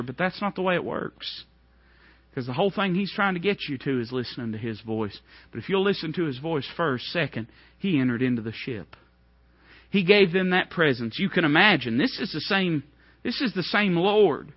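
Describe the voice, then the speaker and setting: Man, preacher, sermon, dramatic swings between hush and outcry, fairly high-pitched voice, lively intonation. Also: moderate pace, slightly rough, no room sound, lo-fi sound. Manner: dramatic, swinging from hushed lows to ringing high outbursts.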